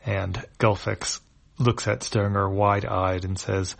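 A man casually reading a webcomic aloud, with many pauses and fillers. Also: lowish voice, flat delivery, gravelly. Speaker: narrator.

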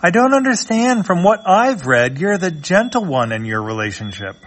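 A man voicing a worried mother from a comic strip, in a high, strained falsetto. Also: big pitch swings, moderate pace, a bit bright, slight background noise. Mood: uneasy.

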